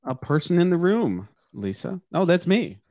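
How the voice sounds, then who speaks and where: A man hosting a podcast, calmly reading word prompts with dry asides. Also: high-pitched, normal speed, no echo. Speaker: podcast host running the game. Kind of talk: casual chat, reading prompts.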